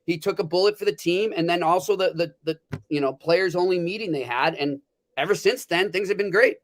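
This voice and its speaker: A man's voice: sits high, fairly quick. A man in a casual sports chat as a hockey beat writer, speaking candidly and often restarting his sentences.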